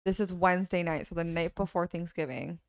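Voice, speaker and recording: A young woman with a smooth, clear voice pitched a little low, teasing her co-host in an easygoing podcast chat. She talks bluntly and playfully. Her voice is recorded dry and close. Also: steady tone, fairly quick, dry recording. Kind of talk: casual chat.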